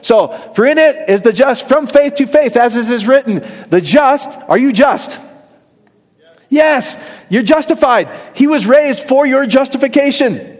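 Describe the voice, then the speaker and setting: A middle-aged man with an extremely high, expressive voice preaches at a measured pace. His sermon is jokey and conversational, full of questions for the congregation and laughter at his own jokes, recorded with the long reverb of a church hall.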